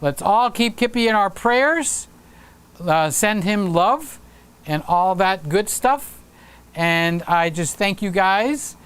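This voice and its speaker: A man's voice: high-pitched, lively intonation, slow pace, a bit bright, smooth. A man hosting a casual livestream, chatting upbeat and reading viewer comments aloud with frequent fillers. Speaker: livestream host.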